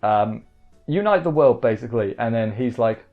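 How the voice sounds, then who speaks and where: A man's voice: mid-range voice, expressive, normal speed. A man recapping an anime episode in a casual, rambling way, wry and full of fillers and restarts. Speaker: anime reviewer. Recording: dull lo-fi mic with faint music.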